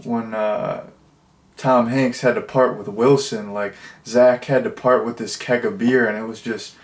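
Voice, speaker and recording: A man giving a casual, rambling movie review, full of fillers and jokey deadpan asides. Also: mid-range voice, unhurried, echoey room.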